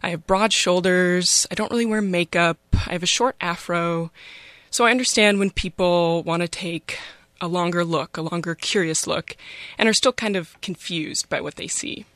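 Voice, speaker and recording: A young woman telling a personal story in a wry, conversational, self-mocking way, pausing often on "um". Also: on the low side, fairly bright tone, dry recording.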